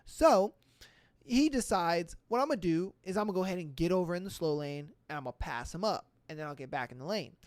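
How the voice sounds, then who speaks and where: A woman's voice: fairly low pitch, fast, no room sound. A woman hosting a podcast, reading out listener stories in a casual way and acting out the people in them with plenty of swearing. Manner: animated, profane, acts out quoted voices. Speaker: podcast host.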